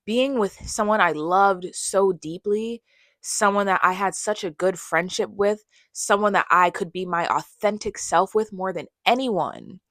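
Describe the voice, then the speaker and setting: A young woman vlogger talks candidly and casually to her camera, reflecting on her own life in a personal storytelling monologue and sometimes acting out what she used to say. Her voice is medium-pitched with a fairly bright tone, and the recording is dry with clean studio sound.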